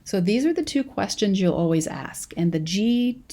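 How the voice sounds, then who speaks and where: A woman's voice: medium pitch, expressive, normal speed, dark tone. A young adult woman from California with a Californian accent, teaching a college lecture in a chatty storytelling way with frequent restarts. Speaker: college professor. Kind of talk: recorded lecture.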